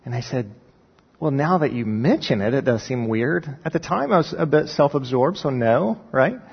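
A man, a pastor, telling a personal story in a sermon with animated, rising emphasis when he recounts his prayers. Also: medium pitch, normal speed, gravelly, husky. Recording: dull sound with long reverb in a large hall.

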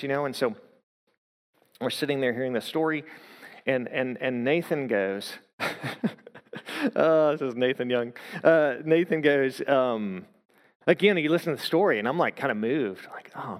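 A man preaching in a big reverberant hall, his voice pitched in the middle range. He tells his story in a loose, conversational way, often stumbling and restarting his sentences. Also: lively intonation, normal speed. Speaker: pastor. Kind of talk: sermon.

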